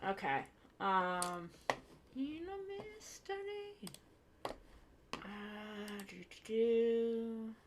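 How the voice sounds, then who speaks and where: A woman's voice: mid-range voice, drawn-out words, heavy background noise. A woman streamer chatting casually and thinking aloud as she builds a model kit live. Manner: chatty, thinking aloud while working with her hands.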